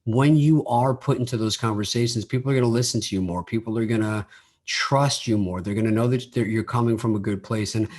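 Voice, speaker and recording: A man's voice: fairly low pitch, brisk, darkish tone. A man talking casually on his solo podcast, often repeating words as he starts his sentences. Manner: acts out quoted dialogue in his own voice. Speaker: podcast host.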